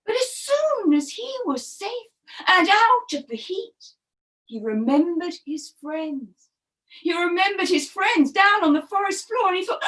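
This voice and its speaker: A woman storyteller telling a story to young children, expressive and animated, asking them questions as she goes. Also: very high voice, measured pace.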